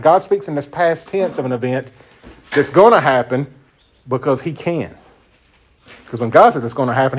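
A man's voice: a little high, darkish tone. Een man met een Zuidelijk Amerikaans die een informele Bijbelstudie leidt, praat en legt met nadruk uit en stelt zijn groep vragen. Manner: conversational, emphatic, asks the group questions. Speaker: Bible teacher. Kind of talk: informal Bible study teaching.

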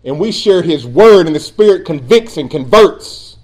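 A man preaching a sermon as pastor, earnest and emphatic, dropping at times into quiet asides. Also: a little high, lively intonation, moderate pace.

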